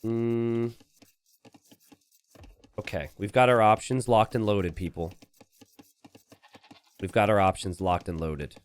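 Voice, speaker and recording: A man's voice: on the low side, fairly even intonation, takes it slowly, pauses often, smooth. A man streaming live game commentary from his home setup, rambling into self-deprecating jokes and asides. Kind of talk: live game commentary mixed with casual chat.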